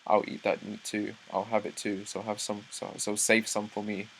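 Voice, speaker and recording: Low-voiced man reading manga aloud. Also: normal speed, vocal fry, slight background noise, poor audio. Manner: reads dialogue aloud, breaks off into excited asides, stumbles and restarts. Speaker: manga reaction host. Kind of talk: live reaction read-through.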